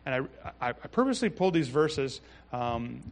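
A pastor preaching a sermon in a relaxed, conversational way, reading scripture and adding asides. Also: male voice, mid-range voice, normal speed. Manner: conversational, with frequent restarts and asides.

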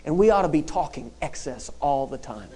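A man delivering a sermon in a church. His preaching is emphatic and rhythmic, with repeated phrases and call-and-response lines to the congregation, and it swells into loud, fervent peaks. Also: a little high, lively intonation, fairly quick, husky.

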